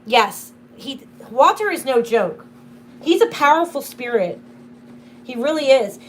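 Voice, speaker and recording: A woman's voice: high voice, very animated, measured pace, a little hiss or hum. Chatty woman hosting a livestream. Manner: chatty storytelling, full of "like". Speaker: livestream host. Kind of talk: casual livestream chat. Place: at home.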